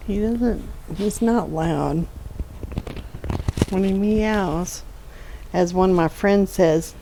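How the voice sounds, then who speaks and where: A woman streaming from home, chatting slowly and softly to her cat at a desk microphone. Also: mid-range voice, gravelly, slight background noise, rough recording. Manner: slow, soft baby talk to her cat. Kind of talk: casual chat with her cat while gaming.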